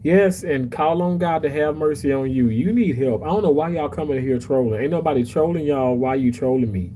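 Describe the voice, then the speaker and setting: A man's voice: on the high side, a little fast, warm tone, slight background noise, rough recording. Chatty man reading livestream chat. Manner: chatty, emotional, reads comments aloud.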